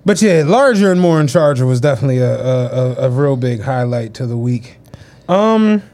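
A man's voice: medium pitch, normal speed. A man co-hosting a casual podcast, telling a story in slangy talk and acting out the people he quotes. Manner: animated anecdote-telling, acts out quoted voices, slangy. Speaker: podcast co-host.

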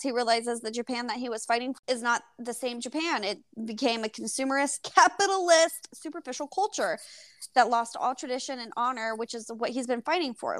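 A woman co-hosting a podcast in a casual book chat, animated, laughing often and swearing casually. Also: on the high side, no echo. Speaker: podcast co-host.

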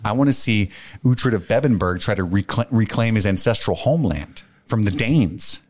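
A man hosting a podcast in casual chat, talking in an animated, rambling way and laughing often. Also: fairly low pitch, moderate pace. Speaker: podcast host.

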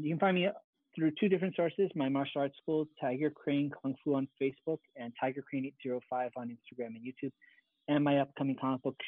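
A man on a casual online group chat, easygoing and quick to laugh, heard through a computer mic on a video call. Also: mid-range voice, no room sound, narrow, tinny audio. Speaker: comic creator and guest.

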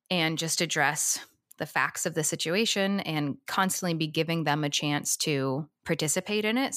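A woman with a fairly low voice talks through a classroom story in a calm, matter-of-fact way, as a teacher would. The sound is dry and close, with no room around it. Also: no room sound. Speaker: Montessori teacher and podcast co-host. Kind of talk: casual podcast discussion.

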